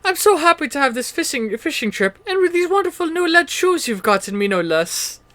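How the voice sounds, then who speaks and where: A naive little boy, as a man puts him on in a tabletop game, nagging his father in a high, whiny, childish voice. The sound is dry and close. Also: very animated, brisk, fairly bright tone, no echo, full character voice.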